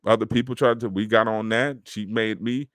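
A man's voice: on the low side, fairly even intonation, moderate pace, fairly bright tone, dry recording, clean studio sound. A man hosting a podcast, talking in a casual, slangy, preachy way to his listeners. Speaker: podcast host. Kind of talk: motivational podcast monologue.

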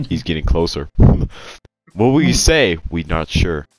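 A man's voice: low-pitched, no room sound, low-quality recording. A man chatting casually while playing a video game, giggling constantly, joking and swearing freely. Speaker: gamer. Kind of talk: casual chat while gaming.

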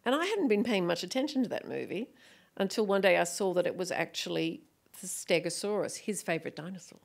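Woman, middle-aged, stage guest; low and gravelly, animated storyteller who acts out voices. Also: brisk. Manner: animated storyteller acting out quoted voices, laughing often. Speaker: guest author and film director. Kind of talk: stage conversation, anecdotal storytelling.

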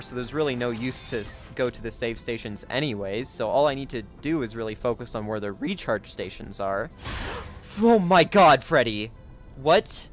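Guy doing a let's play, jumpy, yelps and gasps a lot, middle pitch voice, faint music behind. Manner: jumpy and excitable, gasping and yelping at scares. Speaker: gaming YouTuber.

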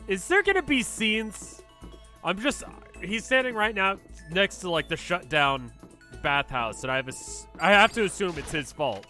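A man streaming a video game, chatting casually and telling stories in an animated way, acting out the people in them. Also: sits high, moderate pace, soft background music. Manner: animated storytelling, acts out other people. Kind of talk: casual gameplay commentary.

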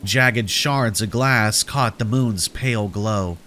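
A man narrating a scripted horror story in a slow, dramatic storytelling manner. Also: lowish voice, bright, forceful tone, a little hiss or hum.

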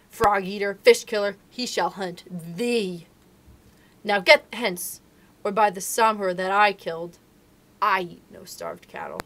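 A woman voicing a fierce, protective mother wolf who speaks in loud, archaic declarations in a storybook reading. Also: mid-range voice, breathy edge.

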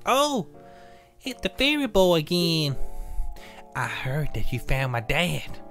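A man's voice: a little high, big pitch swings, takes it slowly, a bit bright, faint music behind, pitched above the performer's own voice, full character voice. A man voicing a cheerful young farm girl with a put-on Southern accent, sweet and sing-song. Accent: put-on American Southern.

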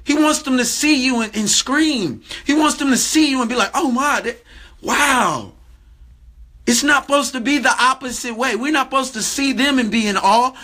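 A man's voice: extremely high pitch, a little fast, hardly any pauses, sharp tone. A man preaching a livestream sermon with a fervent, repetitive cadence.

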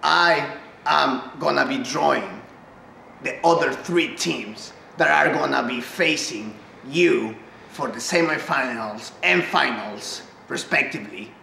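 Gravelly man with a German accent. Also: medium pitch, slow pace, pushed and bright, a little hiss or hum. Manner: boastful, domineering. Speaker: wrestling commissioner. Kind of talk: wrestling promo. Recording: echoey room with music behind. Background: music.

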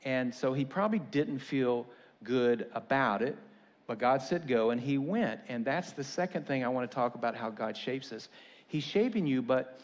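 Folksy pastor preaching. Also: male voice, mid-range voice, expressive, normal speed, long reverb tail. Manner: conversational, folksy preaching with restarts and asides. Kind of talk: sermon.

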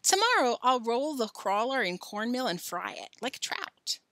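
A woman's voice: a little high, sing-song, normal speed, sharp tone, no echo, clean studio sound, voice pushed up, heavily acted. Tom, an eager confident boy, read by a woman. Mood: upbeat. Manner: eager, reassuring. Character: confident, upbeat young boy.

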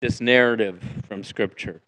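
A male pastor preaching a sermon in a church, acting out quotes and swinging between loud and soft. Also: on the low side, steady tone, moderate pace, rough recording. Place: church sanctuary.

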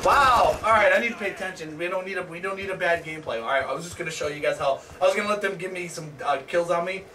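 A man hosting live gameplay commentary, excitable, swearing and yelling at opponents. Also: high-pitched, very fast. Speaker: gaming channel host. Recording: distant mic, noisy background.

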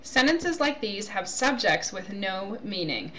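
Woman, grammar lecture, medium pitch, patient explaining, faint noise in background. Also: big pitch swings, unhurried, fairly bright tone. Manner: explains with spoken example sentences, checks in with "okay?". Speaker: grammar teacher. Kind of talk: recorded lecture.

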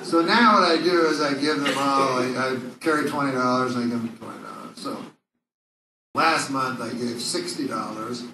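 A man doing stand-up comedy, deadpan and rambling, with hesitant fillers. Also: medium pitch, normal speed, noisy background. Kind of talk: stand-up routine. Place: comedy club. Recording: bootleg club recording from far off, echoey with loud crowd. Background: audience laughter.

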